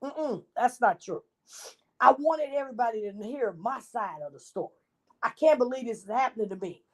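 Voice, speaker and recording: A woman's voice: on the high side, expressive, normal speed. A woman voicing a self-pitying male wolf who tells his own side of the story in a wheedling, innocent tone.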